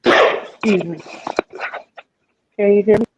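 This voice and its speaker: A woman's voice: medium pitch, steady tone, very noisy. A woman in her late thirties speaking hesitantly on a group video call, sitting far from her microphone. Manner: hesitant, halting, with many fillers. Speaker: guest. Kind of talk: casual group video chat. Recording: dull distant video-call audio.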